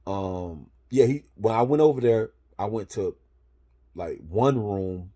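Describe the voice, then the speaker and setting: A man from Florida telling a personal story in casual, slangy, profane talk, often marking each step with "boom.". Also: slow pace, dark tone.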